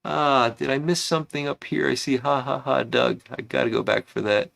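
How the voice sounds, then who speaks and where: A man's voice: mid-range voice, steady tone, moderate pace, gravelly, a bit bright. A man hosting a casual pipe-smoking livestream, rambling and chatty as he greets viewers by name.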